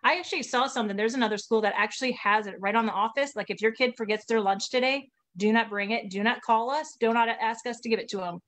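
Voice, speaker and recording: A woman guest who used to teach, chatting casually and telling lively stories with plenty of laughter. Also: fairly high pitch, fast talker, hardly any pauses. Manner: lively storyteller, laughs a lot, acts out quotes. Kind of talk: casual conversation.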